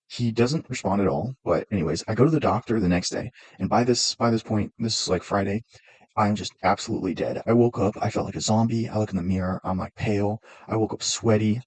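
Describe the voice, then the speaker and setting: Young man, husky low-ish voice, dry close sound, rambling casual storyteller. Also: a little mellow, no room sound. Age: young adult. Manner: rambling, lots of fillers and restarts. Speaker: college student vlogger.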